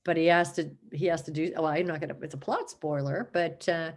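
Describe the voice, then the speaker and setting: A woman with a slightly low voice chats casually to the camera. She rambles from one tangent to the next, mocks herself and laughs often, now and then dropping into a joking put-on accent. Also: steady tone, brisk. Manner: rambling, playful, self-mocking, laughs often; dips into put-on accents for fun. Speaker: vlogger.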